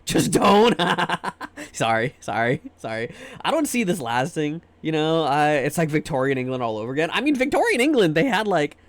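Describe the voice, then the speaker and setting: A man's voice: fairly high pitch, big pitch swings, normal speed, no room sound. A young American man ranting casually on a livestream, rambling and profane, repeating words as he restarts sentences. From United States. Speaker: livestream host. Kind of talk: casual stream chat.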